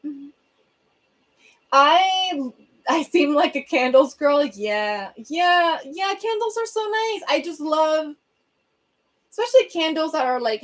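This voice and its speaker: Speaking in a high voice, a young livestreamer answers her viewers' comments in a casual, rambling chat, humming between thoughts. The audio comes from a laptop's built-in webcam mic in her home, in a room with a bookshelf.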